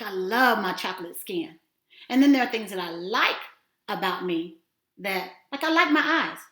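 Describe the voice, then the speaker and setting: A woman teaching a self-affirmation lesson in an encouraging, animated way, at times dropping to a near-whisper. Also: fairly high pitch. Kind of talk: casual spoken lesson. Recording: roomy echo.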